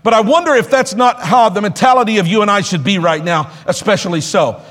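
A middle-aged man preaches in a church sanctuary, his voice sitting high for a man. He moves from quiet talk to shouted exhortation, calling out to the congregation. A long reverb trails each phrase through the hall. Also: a little fast. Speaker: pastor. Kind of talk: sermon.

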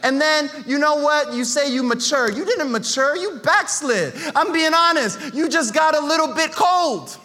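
A man preaching a sermon in a church, fervent and shouting at times, acting out what people say. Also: very high-pitched, animated, normal speed, few pauses. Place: church sanctuary.

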